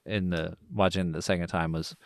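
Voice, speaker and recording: A man co-hosting a podcast who talks about a film in a slow, measured way, with many pauses. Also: deep voice, level tone, gravelly, dry recording, studio quality. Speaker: podcast co-host. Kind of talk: casual film discussion.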